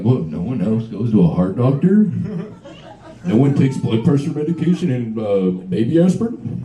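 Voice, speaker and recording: Profane young man doing stand-up. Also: medium pitch. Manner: profane, rambling, riffing with the crowd. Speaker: stand-up comedian. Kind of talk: live stand-up comedy set. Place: small bar venue with a live audience. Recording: echoey room with crowd noise.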